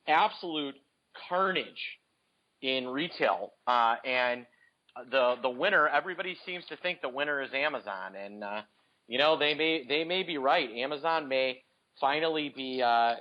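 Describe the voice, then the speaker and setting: A man with a Chicago accent co-hosting a podcast, chatting casually about markets with many restarts and fillers. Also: mid-range voice. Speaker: podcast co-host. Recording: dull lo-fi podcast audio.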